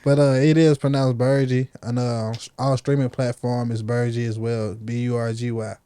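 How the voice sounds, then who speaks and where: A man's voice: medium pitch, flat delivery, normal speed, dark tone, smooth, no echo. A man, a rapper guest, telling stories in a laid-back, slangy way. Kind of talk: casual interview chat.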